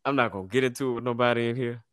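A man's voice: mid-range voice, steady tone, rapid-fire, clear, resonant tone, dry recording, clean studio sound. A man hosting a casual podcast, telling stories in a slangy, laid-back way with frequent laughs and restarts. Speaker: podcast host and business owner.

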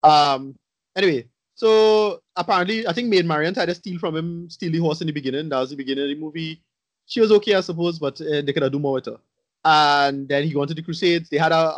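A man's voice: a little high, dry recording. A man in casual podcast chat reviewing a movie, blunt, rambling and profane.

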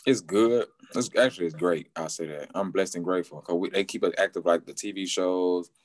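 A man, a football player telling a story in an interview and acting out quotes with big jumps in pitch, laughing often. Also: a little fast, no echo.

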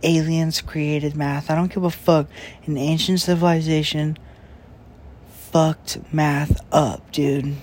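A young man hosting a late-night podcast, talking in a slow, crude, meandering way full of fillers and swearing, breathing heavily after a big meal. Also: on the high side, level tone, darkish tone. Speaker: podcast host. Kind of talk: rambling late-night casual chat. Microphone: podcast microphone.

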